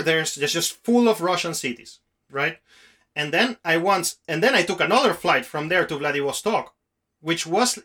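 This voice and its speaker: A man's voice: on the high side, bright, forceful tone. A man hosting a podcast, musing in a rambling, casual way with frequent restarts. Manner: rambling, restarts often, talks in long musings. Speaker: podcast host.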